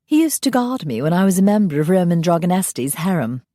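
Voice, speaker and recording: A woman reads as a haughty vampire club owner with a snooty British accent, looking down on everyone. Her delivery is crisp and superior in a dry audiobook reading. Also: lowish voice, very animated, fast talker, warm tone, no room sound.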